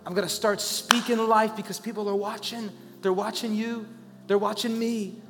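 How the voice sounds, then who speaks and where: High-voiced man preaching conversationally. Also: fairly even intonation, moderate pace, in a large hall, soft background music. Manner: conversational preaching, rising to loud urgent pleas. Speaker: pastor. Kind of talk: sermon.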